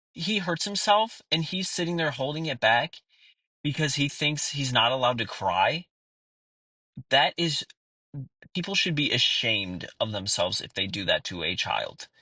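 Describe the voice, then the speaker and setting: Blunt, profane man with a bright voice. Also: mid-range voice, dry recording, poor audio. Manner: blunt, profane and earnest, with frequent fillers. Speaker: podcast host. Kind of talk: candid personal monologue.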